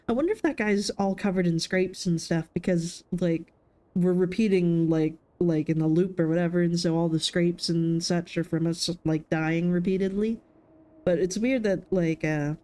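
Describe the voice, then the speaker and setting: Young woman, gamer, reads game narration aloud, chatty filler-heavy asides, low voice, warm dark tone. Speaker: let's-play gamer. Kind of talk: reading a visual novel aloud with casual commentary.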